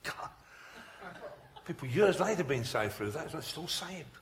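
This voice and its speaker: A clergyman telling humorous stories in a sermon, laughing often and breaking into shouted commands. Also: fairly high pitch, expressive, unhurried, roomy sound, a little hiss or hum. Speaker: senior clergyman preaching.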